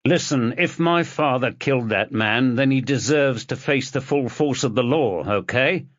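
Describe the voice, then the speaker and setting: A man's voice: medium pitch, normal speed, dry recording, muffled recording, pitched above the performer's own voice, lightly acted. A man voicing a weary, stubborn male police detective who speaks tersely and dryly.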